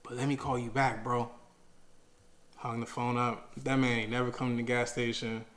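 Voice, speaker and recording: A young man telling a personal story in casual, slangy speech, acting out his own past outbursts with lively energy. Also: medium pitch. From Maryland, USA.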